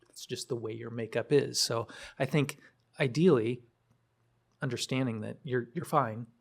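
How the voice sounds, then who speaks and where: A man's voice: mid-range voice, moderate pace, gravelly, breathy edge. A man guesting on a podcast who explains his ideas thoughtfully. He often circles back and restarts a sentence. His voice sits in a middle register. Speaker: podcast guest, group leader. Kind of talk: reflective podcast talk.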